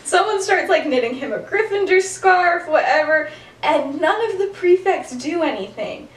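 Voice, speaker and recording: A woman's voice: very high-pitched, animated, moderate pace. A young woman casually retelling a story to a co-host, giggly and chatty with lots of "like". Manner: giggly, chatty, heavy use of "like". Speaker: podcast co-host. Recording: roomy, distant mic.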